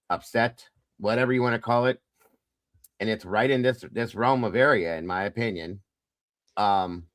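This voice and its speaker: A man's voice: fairly low pitch, a bit bright, dry recording. A man hosting a casual true-crime livestream, talking bluntly with frequent swearing and repeatedly stressing that it is only his opinion. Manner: blunt and profane, keeps saying it is just his opinion. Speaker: livestream host.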